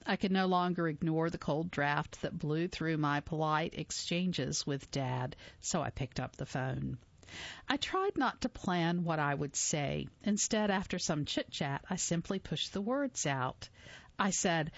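A woman in her forties narrating a memoir audiobook in a measured, reflective way. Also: low voice, lively intonation, no room sound, highs cut off.

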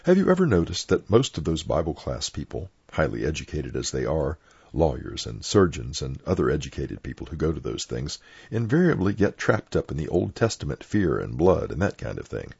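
A man's voice: a bass voice, sing-song, a little fast, vocal fry, a little mellow, breathy edge. An older man, a former church leader, recalling parish life in a blunt, opinionated storytelling manner for an oral history. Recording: dull lo-fi recording.

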